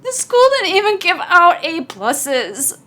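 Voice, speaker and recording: A woman's voice: extremely high pitch, big pitch swings, slow, bright, forceful tone, exaggerated voice. An actress playing a woman who recalls her demanding father in a wry monologue. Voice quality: wry storytelling. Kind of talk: film monologue.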